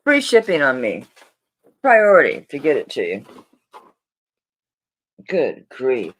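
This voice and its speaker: A woman's voice: rumbling low, wildly swooping pitch, slow. A woman selling jewelry on a live stream, chatting to viewers in a flustered, rambling way while she searches through orders.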